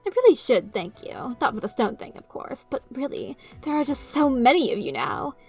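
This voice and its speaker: A smug male chaos spirit, put on by a woman, drawling in an exaggerated posh manner. He mocks and lingers over his words, pitched a little high, with faint music underneath. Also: sing-song, normal speed, gravelly, a little mellow, slightly rough, exaggerated voice. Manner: falsely posh, drawling, mocking.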